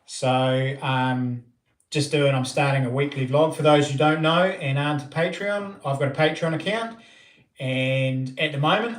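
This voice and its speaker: A man's voice: a little high, reverberant. A man with a New Zealand accent hosting a casual live stream, rambling along with lots of ums and restarts.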